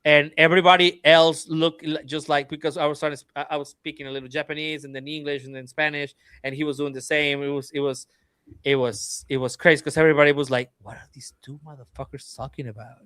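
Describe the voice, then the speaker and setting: A man's voice: a little high, quick pace, clear, resonant tone, dry recording, clean studio sound. A man on a casual wrestling podcast, telling stories animatedly, often restarting his sentences. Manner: animated storytelling with many restarts.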